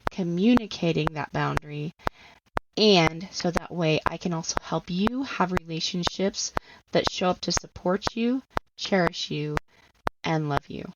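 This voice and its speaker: A woman's voice: lowish voice, unhurried, very noisy. A woman in her thirties, a trauma coach hosting her own podcast, telling her personal story in an earnest, emotionally open way. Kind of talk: personal testimony monologue. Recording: slightly muffled dry recording.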